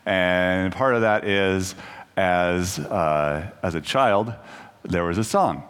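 A man's voice: low voice, slow pace, fairly bright tone, smooth. A man giving a casual, conversational sermon in a church, joking at his own expense and restarting his sentences often. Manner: conversational, self-deprecating, many restarts. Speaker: preacher. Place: church sanctuary. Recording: long church reverb.

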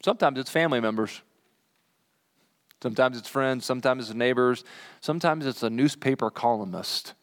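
Male pastor, earnest sermon, frequent chuckles, climbs in pitch when fired up, long church reverb. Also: moderate pace, pauses often. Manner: earnest, chuckles often, voice rises when stirred. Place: church sanctuary.

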